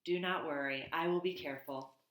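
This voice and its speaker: A woman voicing a calm, polite female robot who speaks in a careful, formal way. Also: deep voice, brisk, echoey room, a little hiss or hum, rough recording.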